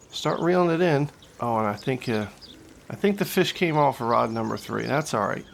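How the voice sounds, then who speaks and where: Gravelly man joking through gameplay. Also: fairly high pitch, slight background noise. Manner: joking, excitable trash talk. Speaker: gaming channel host. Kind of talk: casual gameplay commentary.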